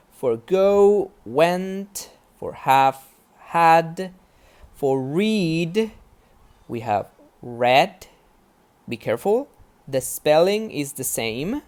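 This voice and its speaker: A man's voice: medium pitch, sing-song, takes it slowly, a little mellow. A man teaching a grammar lesson step by step, often checking in with "right?". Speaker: English teacher.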